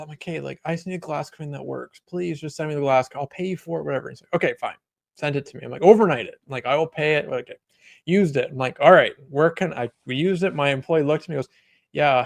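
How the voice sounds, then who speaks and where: A man's voice: on the high side, creaky, no room sound. A man on a podcast, casually telling a long story full of quoted back-and-forth and filler words. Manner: rambling, lots of "like" and quoted dialogue. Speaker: podcast host, detailer.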